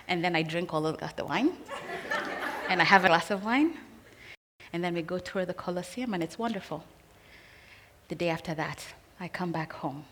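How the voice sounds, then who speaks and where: A woman telling a personal family story in an earnest, expressive way, with pauses. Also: on the low side, background noise.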